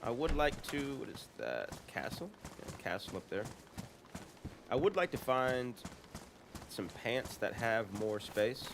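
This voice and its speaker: A man's voice: mid-range voice, sing-song, measured pace, noisy background. A man chatting casually on a live game stream, playful, laughing often and greeting viewers in chat. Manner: laughs often, playful, trying silly voices.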